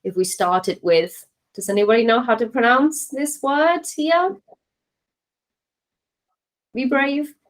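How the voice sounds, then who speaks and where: A woman's voice: on the high side, slow, pauses often, low-quality recording. A woman teaching a class to exam students, keeping it light and encouraging and checking in with "okay?" after nearly every point. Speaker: English teacher.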